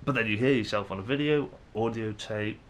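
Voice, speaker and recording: A young Englishman with a Manchester accent thinks out loud to the camera in a casual vlog, hesitating constantly with ums and false starts. His voice is fairly low and a little quick, with a faint hiss or hum in the background.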